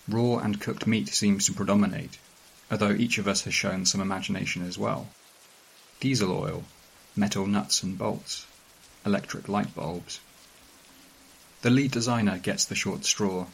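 A man reading a strange first-person story aloud in a calm, dry, measured way. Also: lowish voice, vocal fry, husky, poor audio. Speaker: narrator. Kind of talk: scripted narration of a weird fiction story.

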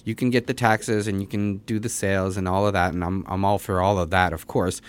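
A man's voice: low voice, fairly even intonation, brisk, clear, resonant tone. A man co-hosting a casual podcast, talking in a laid-back way with frequent restarts. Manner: laid-back, laughs often, restarts words. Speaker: podcast co-host. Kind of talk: casual chat.

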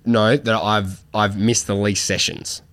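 A man's voice: on the low side, flat delivery, measured pace, fairly bright tone. A young man hosting a podcast, chatting casually, rambling with lots of fillers and swearing freely. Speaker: podcast host. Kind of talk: casual chat.

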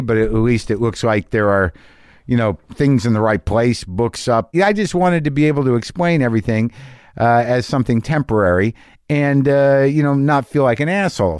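A man's voice: medium pitch, animated, normal speed, clean tone, no echo. A male podcast host rambles through a story in a restless, self-deprecating way, swearing freely. His voice sits in a middle register, and the sound is dry and close to the mic. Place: home garage studio. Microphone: studio mic with headphones.

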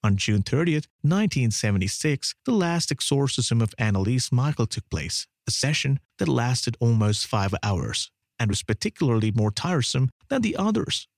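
Man narrating a dark true story, pitch all over the place, super dry close sound. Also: big pitch swings, normal speed, hardly any pauses, dry recording. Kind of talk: dramatic documentary narration.

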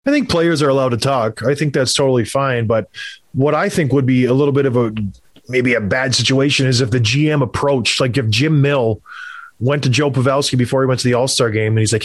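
A man hosting a casual sports podcast, opinionated and rambling, with quick asides. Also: mid-range voice, no echo. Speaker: podcast host.

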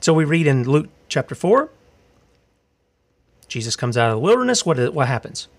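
A man's voice: high-pitched, a bit bright. A man preaching a sermon, fiery and confrontational, asking rhetorical questions and reading scripture aloud.

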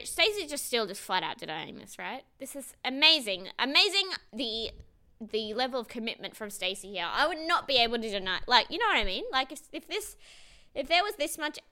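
Animated woman recapping a show. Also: a little high, a little fast. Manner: animated, swearing, laughing often, acting out quotes. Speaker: podcast co-host. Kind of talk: casual recap chat.

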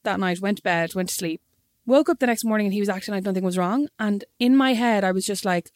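A young Irish woman telling a story in casual chat, animated and swearing freely. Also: mid-range voice, quick pace, hardly any pauses, no echo, studio quality. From Ireland.

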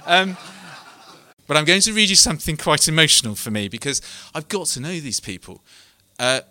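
A man's voice: fairly high pitch, very animated, moderate pace, sharp tone, dry recording. Earnest man reading from his book. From England. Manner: earnest, candid, self-deprecating, with restarts. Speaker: author giving a book talk. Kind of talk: live talk and book reading to an audience.

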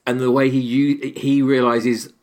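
A man co-hosting a podcast, giving opinions on a film in a halting, stop-start way. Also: medium pitch, flat delivery, darkish tone. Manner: halting, restarts often. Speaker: podcast co-host. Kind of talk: casual film discussion.

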